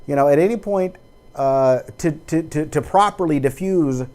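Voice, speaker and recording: Texas guy rambling at his webcam, lots of um and you know, slightly high voice. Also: moderate pace, a little mellow. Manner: rambling with many fillers and restarts. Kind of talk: casual personal monologue.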